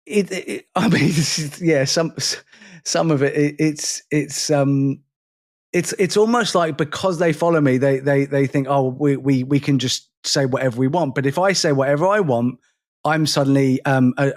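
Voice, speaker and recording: A man co-hosting a podcast, speaking emphatically and venting his frustration at length in casual conversation. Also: fairly high pitch. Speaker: podcast co-host.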